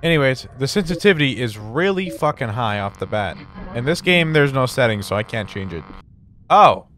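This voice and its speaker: A man's voice: mid-range voice, big pitch swings, normal speed, a bit bright, a little hiss or hum. A young man giving casual, profane commentary while playing horror games, nervous and jumpy, talking back to the characters. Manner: jumpy, swearing, nervous laughter, talks to game characters. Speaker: gaming YouTuber. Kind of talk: horror game let's play commentary.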